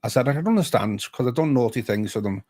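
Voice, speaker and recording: A man's voice: medium pitch, fast talker. A man with a Liverpool accent, a pastor telling a story as a guest, acting out each voice he quotes. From Liverpool area, England. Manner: animated, acts out each voice in his stories. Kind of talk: casual storytelling. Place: pub bar.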